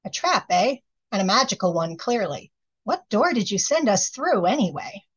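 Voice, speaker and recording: A woman's voice: medium pitch, very animated, moderate pace, slightly rough, highs cut off. Woman reading as a cool, wry girl. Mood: calm. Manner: cool, matter-of-fact. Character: calm, wry young girl.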